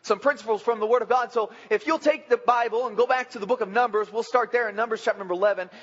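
This sermon comes from a man whose voice is strikingly high and a little bright; he speaks fast, joking and folksy, bantering with the congregation throughout. The audio is dull and lo-fi, with the lengthy echo of a large church hall.

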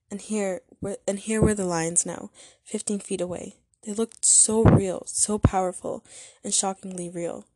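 A woman narrating a short story aloud in a measured, steady way. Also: fairly low pitch, no room sound.

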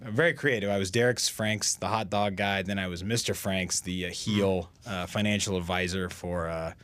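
A middle-aged man telling stories in a casual podcast chat, self-deprecating and halting, with many restarts. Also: sits low, steady tone, a bit bright. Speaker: guest.

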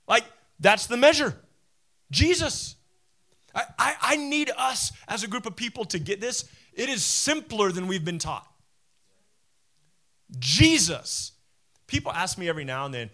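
Animated, bright-voiced male pastor. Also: high-pitched, unhurried, long pauses. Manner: animated, conversational, self-deprecating. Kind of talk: sermon.

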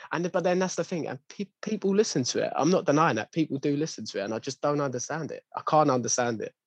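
A man's voice: on the high side, lively intonation, fast talker, slightly rough, no echo. A young man in a casual chat, ranting with lots of slang and restarts.

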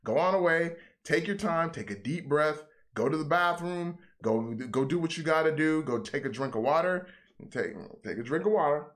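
A man's voice: a little high, lively intonation, moderate pace, a bit bright. Rambling man chatting about fighting games. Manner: rambling, repeats himself, friendly advice. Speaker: podcast co-host. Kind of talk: casual chat.

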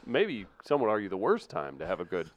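A man's voice: fairly low pitch, wildly swooping pitch, fairly quick, a crowd in the background. A man chatting casually as a podcast co-host, dropping dry, sarcastic quips. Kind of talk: casual chat.

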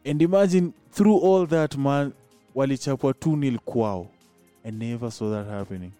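A man's voice: medium pitch, normal speed, dark tone, smooth, dry recording, soft background music. A man co-hosting a casual football podcast, mixing English with Swahili. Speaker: podcast co-host. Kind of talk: casual sports chat.

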